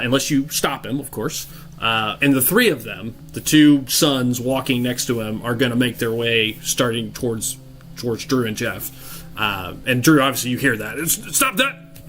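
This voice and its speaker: A man leading a tabletop game as game master, describing the scene in a halting, conversational way with lots of restarts. His voice is of middling pitch, with soft music in the background. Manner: halting, many restarts and fillers.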